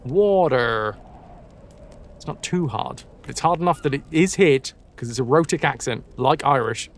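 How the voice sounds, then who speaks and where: A British man reads a campfire story aloud on his live stream, his voice sitting a little high for a man. He keeps halting to repeat tricky words and swears at himself when he slips. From Britain. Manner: self-correcting, swears, repeats words to practise them.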